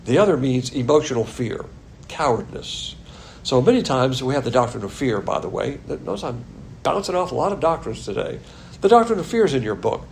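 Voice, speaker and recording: A man's voice: medium pitch, very animated, fairly quick, creaky, a little mellow, slight background noise. A man teaching a Bible class in a blunt, sarcastic manner, with chuckling asides. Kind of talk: sermon.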